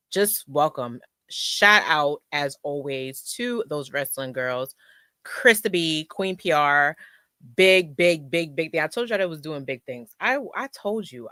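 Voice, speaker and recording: Live stream host: smooth, dry close-mic sound, casual and chatty, heavy on shout-outs and repeated phrases. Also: mid-range voice, expressive, a little slow, dry recording.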